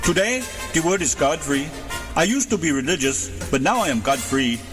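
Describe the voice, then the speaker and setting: A man voicing a loud, hammy comic announcer. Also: lively intonation, moderate pace, over music, close to an everyday voice. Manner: loud, booming delivery.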